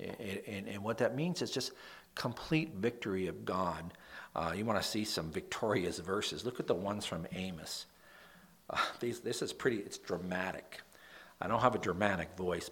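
Husky low-voiced male pastor preaching. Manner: emphatic, swings from soft breathy asides to loud declaiming. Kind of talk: sermon.

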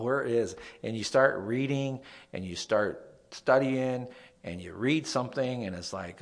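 A young man with a nasal voice, a pastor preaching a sermon, dropping to soft asides and rising to loud emphasis. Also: mid-range voice, a little slow.

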